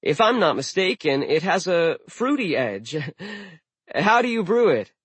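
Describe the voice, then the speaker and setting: Polite, flattering young man voiced by a male narrator, lifted a little and husky. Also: sits high, unhurried, no echo, voice pushed up, exaggerated voice.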